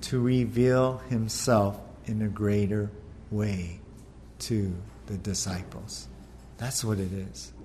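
A man preaching a sermon, telling the story with energy and acting out the disciples' frantic shouts. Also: lowish voice, fairly even intonation, slow pace, slight background noise. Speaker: pastor.

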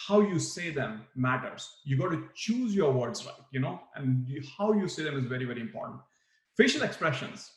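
Guy running a manager training talk, acts out replies all over the place, voice a bit high, echoey room. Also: normal speed. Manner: animated, acts out example replies with big pitch swings. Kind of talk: live workshop talk on management.

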